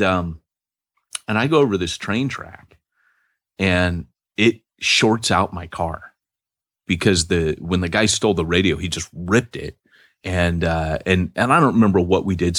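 A man's voice: deep voice, lively intonation, normal speed, fairly bright tone, dry recording, clean studio sound. A middle-aged man, a podcast co-host, telling a long personal story in a casual, rambling way with lots of restarts.

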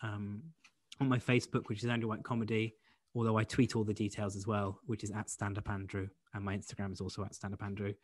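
A man's voice: fairly low pitch, level tone, fast talker, no echo. A young man from the UK, a comedian being interviewed, talking casually and rambling with many restarts. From United Kingdom. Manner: rambling, many restarts and fillers, self-deprecating. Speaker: comedian guest.

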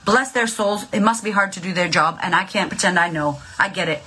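A woman's voice: mid-range voice, fairly quick, bright, forceful tone. A woman, likely in her thirties, giving blunt, profane mental health advice in a casual, emphatic coaching monologue.

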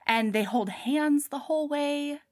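A woman casually retelling a book's plot, acting out the characters' lines in quick bursts. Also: high-pitched, no echo, studio quality. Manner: animated retelling, acts out dialogue. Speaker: podcast co-host. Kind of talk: casual book chat.

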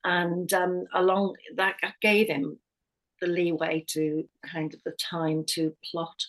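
A woman's voice: fairly low pitch, level tone, slow, rough recording. A middle-aged woman, a hypnotherapist and life coach, sharing a personal story as a podcast guest, speaking candidly and often restarting her sentences. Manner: candid, with frequent restarts and self-corrections.

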